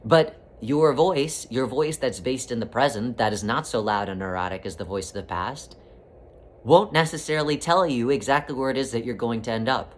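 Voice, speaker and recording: A man giving a spiritual talk, speaking as a collective "we" in a flowing, repetitive, gently teasing way. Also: medium pitch, normal speed, a little hiss or hum. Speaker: spiritual teacher.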